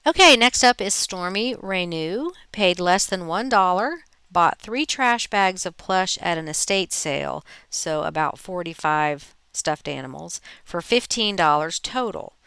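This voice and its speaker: A woman hosting a reselling channel, relaxed and chatty as she reads viewer posts aloud with her own asides. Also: on the low side, a little slow, creaky, few pauses, clean tone, dry recording. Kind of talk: reading viewer posts in a casual narration.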